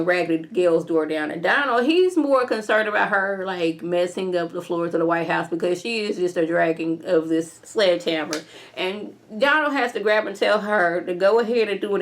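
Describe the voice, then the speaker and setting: A young woman casually recapping and reviewing a TV episode in an opinionated, slangy way. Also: mid-range voice. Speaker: TV show reviewer.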